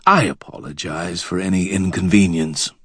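A man playing a rough-voiced, courteous villain. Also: low voice, normal speed, no room sound, studio quality. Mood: bland, polite. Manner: bland, courteous menace. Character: polite, menacing male villain.

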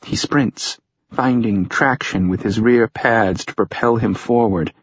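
A man narrating an action story as an audiobook reader, in measured, dramatic scripted narration. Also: fairly low pitch, breathy edge, no echo, highs cut off.

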